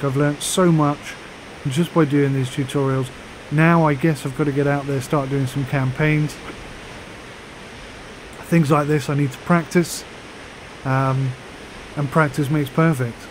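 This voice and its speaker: A man chatting casually on a flight sim vlog, rambling with fillers and pausing through the hiccups. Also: fairly high pitch, slight background noise, poor audio. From United Kingdom.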